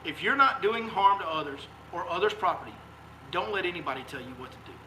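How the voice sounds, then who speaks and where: Guide, male, heated live-stream rant, high voice, echoey recording. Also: expressive, quick pace, bright, forceful tone, a little hiss or hum. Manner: fiery, emphatic, repeats rhetorical questions. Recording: echoey room sound.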